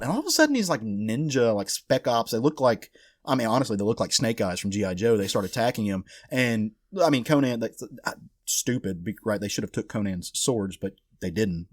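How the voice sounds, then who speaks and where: His mid-range voice moves fairly quickly in a studio-quality, echo-free recording. As a podcast co-host in casual comic book chat, he tells a comic story with animation, performing character voices and using profanity.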